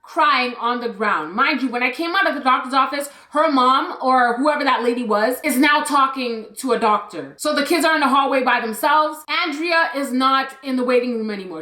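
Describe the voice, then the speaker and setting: A young adult woman telling a personal story in a chatty, animated vlog style, acting out the quotes. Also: high voice, echoey room. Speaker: YouTuber.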